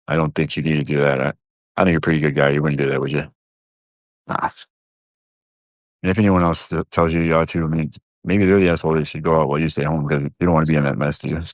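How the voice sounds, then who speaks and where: A man with a very low, deep voice hosts a casual live stream, rambling loosely from one thought to the next with plenty of fillers and restarts. He jokes around and talks straight to his viewers. The sound is dry and close. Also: no echo. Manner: joking, talks directly to viewers.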